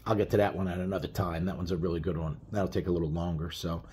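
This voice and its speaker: A man's voice: low voice, steady tone, fast, a little mellow, a little hiss or hum. A middle-aged man telling a road story in a blunt, profane, rambling way, full of fillers. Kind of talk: casual spoken storytelling.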